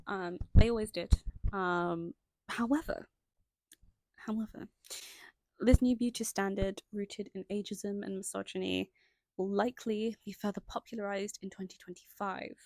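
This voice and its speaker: A young woman narrates a scripted video essay in a mid-pitched voice with heavy vocal fry. She reads her points steadily, then drifts into chatty, self-conscious asides. The sound is close and dry. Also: fairly even intonation, normal speed, a little mellow, no echo. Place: indoors at home, lighting changing.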